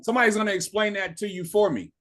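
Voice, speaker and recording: Speaking fast in a high-pitched, slightly bright voice, a middle-aged man leads a motivational sales training over video call. He coaches emphatically, drilling listeners through call-and-response lines.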